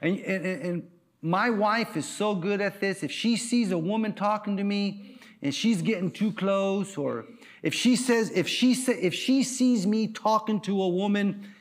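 A male pastor delivers a rousing, emphatic sermon, posing questions to the crowd and building up to shouts. His voice sits high, and he keeps a measured pace.

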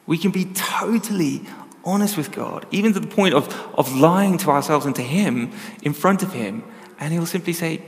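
A man's voice: fairly high pitch, moderate pace, in a large hall. A man preaching a sermon in an earnest, conversational teaching manner with frequent ums.

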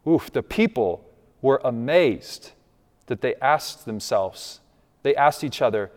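Animated male pastor preaching in a hall. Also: mid-range voice, slow. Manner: conversational, emphatic preaching with asides. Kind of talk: sermon.

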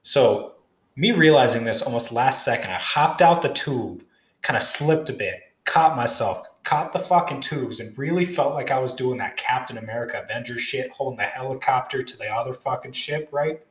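A man's voice: medium pitch, normal speed. A young man telling a story casually, rambling and cursing often as he goes. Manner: rambling, profane, animated retelling. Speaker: storyteller vlogger. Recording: echoey room.

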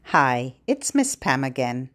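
A woman's voice: a bass voice, big pitch swings, slow, fairly bright tone. A woman hosting a podcast for babies and parents, singing songs and rhymes in a cheerful, sing-song way with playful sound effects.

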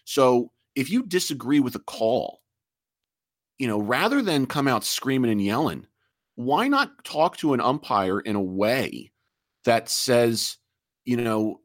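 A man's voice: mid-range voice, expressive, unhurried, no echo, studio quality. A man talking earnestly as a podcast guest, reflective and repeating words as he restarts his sentences. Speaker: guest, sportsmanship group president. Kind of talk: casual podcast interview.

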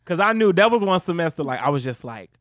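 A man co-hosting a podcast, telling animated stories in casual chat, swearing freely and jumping his voice up when he acts out scenes. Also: fairly high pitch, fast, no echo, studio quality. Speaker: podcast co-host.

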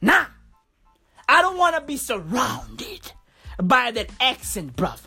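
Husky, animated woman ranting. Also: sits high, takes it slowly, faint music behind. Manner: profane, repetitive, animated slang. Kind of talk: comedic rant monologue.

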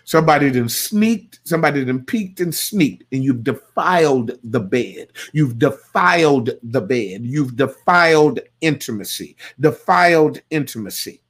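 A male pastor preaching a sermon in a folksy, repetitive, conversational way, swinging from quiet asides to loud shouted lines and laughing at his own jokes. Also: mid-range voice, expressive, measured pace, few pauses.

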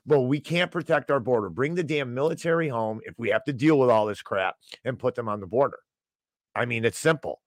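A man's voice: medium pitch, no room sound. Man, news commentary host, sarcastic ranting, dry close sound. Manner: ranting, sarcastic, rises loud when angry. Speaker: host of a financial news show. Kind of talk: opinionated news commentary, reading headlines.

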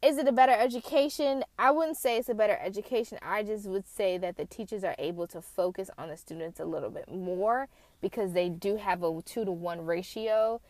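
A woman's voice: mid-range voice, a little fast, darkish tone, dry recording. Chatty woman with a dry close sound. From United States. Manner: candid, chatty, swears casually. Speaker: vlogger telling personal stories. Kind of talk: casual storytelling. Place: in a car.

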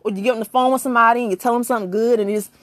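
Blunt preachy woman with a higher voice. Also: rapid-fire, no echo. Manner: blunt, preachy, swears freely, asks rhetorical questions; animated, big jumps in pitch. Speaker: vlogger giving spiritual advice. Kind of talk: casual spiritual monologue.

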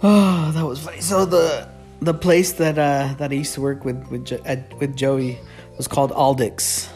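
A man's voice: fairly high pitch, fairly even intonation, normal speed, a little mellow, faint music behind. A man telling a casual storytime anecdote, rambling and restarting often, laughing at his own story.

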